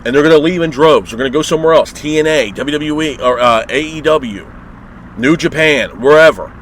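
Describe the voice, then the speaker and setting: A fired-up man on a profane rant, his voice sitting a little high as he vents in exasperation. Faint street and car noise hums behind him. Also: brisk, fairly bright tone, rough recording. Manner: heated, exasperated, swears constantly. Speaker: wrestling review host. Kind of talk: profane ranting review.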